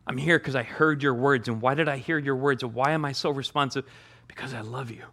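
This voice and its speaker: A tender, loving savior speaks in a hushed, gentle voice, put on by a male preacher. He repeats his words of love softly and slowly. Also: mid-range voice, fairly even intonation, close to an everyday voice.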